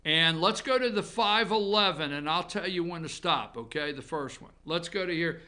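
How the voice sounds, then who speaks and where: A man's voice: a little high, moderate pace. A man hosting a political opinion show, ranting with heavy repetition. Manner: animated, ranting, repeats himself. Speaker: talk show host.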